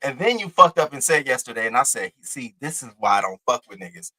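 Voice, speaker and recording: A man's voice: medium pitch, big pitch swings, quick pace, pushed and bright, low-quality recording. A young man hosting a livestream, delivering brash, profane, taunting trash talk at a rival. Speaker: live-stream host. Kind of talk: heated livestream rant.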